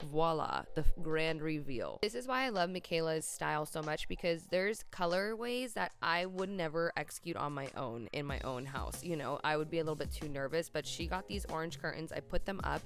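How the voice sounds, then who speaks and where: A woman's voice: low voice, gravelly, a bit bright. A young woman hosting a home makeover vlog, narrating casually and chattily with lots of fillers. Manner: chatty, filler-heavy, upbeat. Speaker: DIY vlog host and designer.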